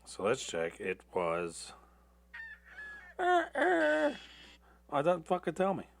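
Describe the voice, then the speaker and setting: A man's voice: on the low side, very animated, normal speed, a little hiss or hum. A tired man hosting a podcast, ranting in a loose, rambling monologue full of profanity and restarts. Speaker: podcast host.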